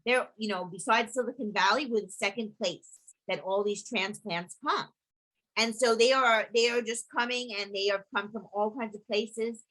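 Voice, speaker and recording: A middle-aged woman with a clear New York accent presents over a video call, her pitch sitting right in the middle of the usual range. She talks loosely and conversationally, dropping frequent fillers and restarting her sentences as she goes. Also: moderate pace, pushed and bright, low-quality recording. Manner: chatty, full of fillers and restarts. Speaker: historical society presenter.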